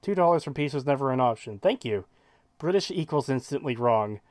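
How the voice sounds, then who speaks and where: A man's voice: medium pitch, lively intonation, fairly quick, a little mellow, no room sound, clean studio sound. A man hosting a reaction stream, ranting in a heated, profane way. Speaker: stream host.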